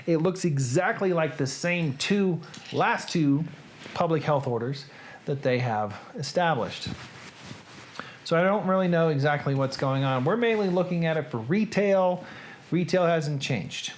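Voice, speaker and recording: Southern male host, chatty and rambling, slightly high voice, faint room noise. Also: lively intonation, unhurried. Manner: chatty, rambling, self-correcting. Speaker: host of a live reading show. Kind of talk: casual live-stream chat.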